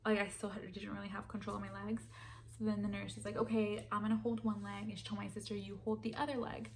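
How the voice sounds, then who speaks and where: A young woman telling a personal story in a casual, animated way, dropping to a whisper when she quotes herself. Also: mid-range voice, quick pace. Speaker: vlogger.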